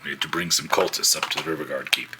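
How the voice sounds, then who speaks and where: A man's voice: very deep voice, steady tone, fast talker, bright, forceful tone, a little hiss or hum, full character voice, low-quality recording. A man playing a bossy ship captain. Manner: commanding, curt.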